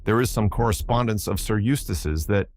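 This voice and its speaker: A man's voice: lowish voice, normal speed, natural voice. A man voicing a nervous, evasive male secretary who stammers and hesitates over his words. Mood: flustered. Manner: flustered, stammering with hesitant ers. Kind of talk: audiobook character reading.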